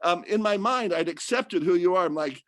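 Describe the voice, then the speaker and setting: A man talking casually and at length about faith and art, rambling and animated, often restarting his sentences. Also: sits high, normal speed, no room sound.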